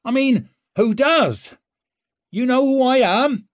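Guy putting on a high brash young woman warlord, sly and cheeky, lively pitch, dry sound. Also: slow pace, no echo, heavily acted. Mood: cocky.

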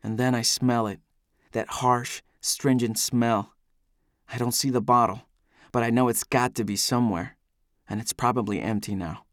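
A man's voice: medium pitch, steady tone, normal speed, no echo, clean studio sound. A man giving an intense, brooding first-person audiobook narration.

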